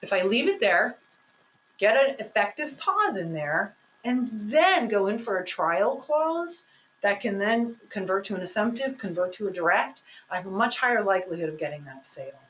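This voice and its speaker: A woman's voice: mid-range voice, big pitch swings, moderate pace, fairly bright tone, dull audio. A woman leads a sales training session. She leans hard on key points and speaks with a coaching, instructive drive. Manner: emphatic, coaching delivery. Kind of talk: training presentation.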